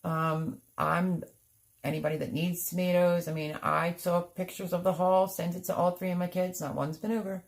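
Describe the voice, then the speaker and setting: Low-voiced middle-aged lady chatting on a garden stream, rambly, lots of um and like, kinda tired. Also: level tone, normal speed, creaky. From Pennsylvania. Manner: rambling, chatty, many fillers and restarts. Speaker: gardening livestream host. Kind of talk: casual live-stream chat reading comments.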